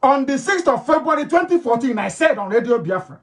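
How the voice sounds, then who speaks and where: A man with an Igbo-influenced Nigerian accent, a native Igbo speaker, gives an impassioned radio address to his followers. He is emphatic and repetitive, swinging between loud declarations and low, intense tones. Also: sing-song, brisk. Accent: Nigerian, Igbo-influenced English. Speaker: political leader broadcasting to followers.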